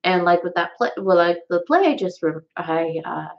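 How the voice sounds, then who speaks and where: Chatty woman vlogger, low voice, lo-fi sound. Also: lively intonation, moderate pace. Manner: chatty, talks straight to viewers. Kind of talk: casual vlog chat.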